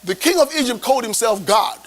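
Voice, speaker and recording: High-voiced, emphatic preaching man. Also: expressive, brisk, low-quality recording. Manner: emphatic, rhetorical questions to the congregation. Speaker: bishop preaching. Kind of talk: sermon.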